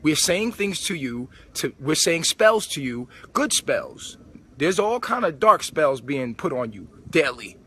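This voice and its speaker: A man's voice: on the high side, a bit bright. A man giving a casual spiritual monologue, preachy and full of street slang. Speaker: spiritual vlogger. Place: old supermarket converted to a club.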